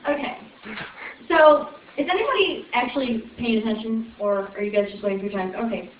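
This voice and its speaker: A woman's voice: on the high side, normal speed, slight background noise. A young woman from Chicago doing a rambling, exasperated stand-up rant with chatty asides to the crowd. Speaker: open mic comic. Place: small open mic venue on stage. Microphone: far camera. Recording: echoey room from far off, dull lo-fi video.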